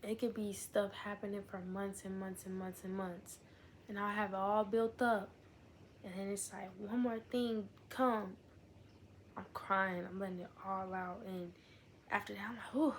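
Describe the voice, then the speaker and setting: A woman's voice: medium pitch, a little hiss or hum. Chatty young woman rambling candidly. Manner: rambling, candid and talkative, with fillers and asides. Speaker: vlogger. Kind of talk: casual chat.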